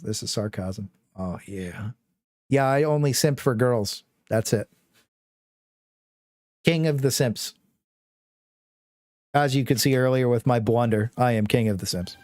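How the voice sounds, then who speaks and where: A man's voice: medium pitch, animated, measured pace, pauses often, a little mellow, no echo, clean studio sound. A young man casually chatting with his viewers during a game live stream, rambling and joking, often with a laugh. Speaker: gaming streamer.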